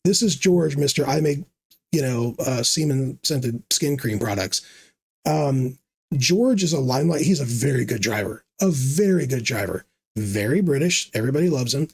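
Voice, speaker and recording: A man's voice: mid-range voice, animated, normal speed, darkish tone, husky. A man rambling through casual commentary, sarcastic and teasing, full of fillers and restarts. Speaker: fantasy sports video host.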